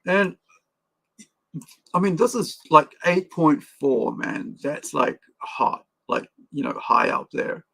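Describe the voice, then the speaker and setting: Kiwi man hosting a casual stream, fairly high voice with a gravelly edge, rambly. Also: animated, slow pace, a bit bright. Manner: rambling, with many fillers and restarts. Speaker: stream host. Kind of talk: casual chat on a live stream.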